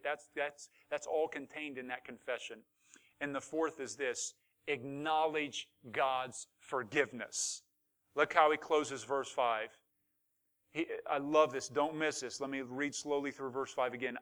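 Bright, fervent preaching man. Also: medium pitch, steady tone, a little slow. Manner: preaching with rising fervor, calling for responses. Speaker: pastor. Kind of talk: sermon.

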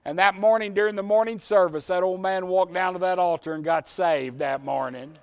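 A man's voice: high-pitched, normal speed, clear, resonant tone. A man, a preacher telling a story in a sermon in a folksy way. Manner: folksy storyteller, acts out shouted quotes.

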